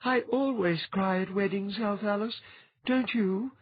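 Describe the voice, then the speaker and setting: A man voicing a teasing, imperious woman who is fond and sentimental, with a husky sound. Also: sits high, a little slow, dry recording, phone-quality sound, voice pushed up.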